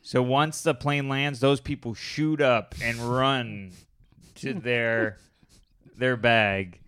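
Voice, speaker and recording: Bright, smooth-voiced man giving travel tips. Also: medium pitch, steady tone, slow. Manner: offers practical tips, teasing asides. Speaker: podcast co-host. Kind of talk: casual chat.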